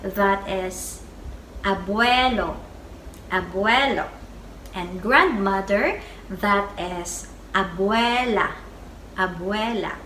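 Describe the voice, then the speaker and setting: A woman teaching a beginner Spanish vocabulary lesson, saying each word twice in a slow, deliberate way. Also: mid-range voice, pushed and bright. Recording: echoey room with faint background noise.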